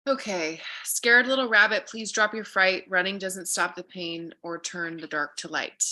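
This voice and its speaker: A woman's voice: lowish voice, normal speed, pushed and bright. A woman guest reading a spiritual card story aloud and chatting in an earnest, reflective way.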